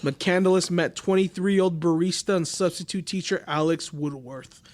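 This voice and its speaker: A man with a high-pitched voice talks through a true-crime case in a loose, joking podcast chat. He swears freely and sounds a bit under the weather. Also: fairly even intonation, normal speed. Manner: reads case notes loosely, swears, laughs often. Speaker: podcast host.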